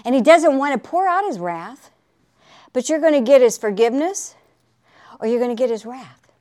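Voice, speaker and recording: A woman's voice: sits high, animated, normal speed, a little mellow. A woman preaching in a chatty, conversational way on a faith talk show, laughing often and asking for an Amen.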